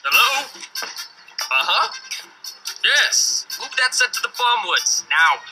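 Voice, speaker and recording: A man's voice: extremely high pitch, sing-song, takes it slowly, sharp tone, soft background music, full character voice. A young actor playing a teen boy who fakes his bossy record-label boss on a phone call, in clipped, blustery bursts from a TV comedy.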